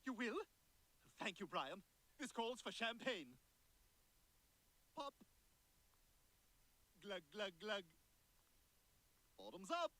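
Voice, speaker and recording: A man's voice: high-pitched, lively intonation, slow pace, long pauses, pushed and bright, full character voice, low-quality recording. A man voicing a scheming, pompous baby boy in a cartoon, talking in a haughty, theatrical way. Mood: dejected.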